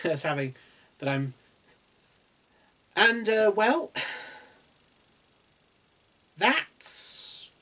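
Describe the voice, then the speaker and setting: A man's voice: high-pitched, big pitch swings, very slow, pauses often, sharp tone. A man with a posh English accent, hosting a reflective video essay on writing in a musing, digressive way. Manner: musing, digressive, with asides and chuckles. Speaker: writing channel host.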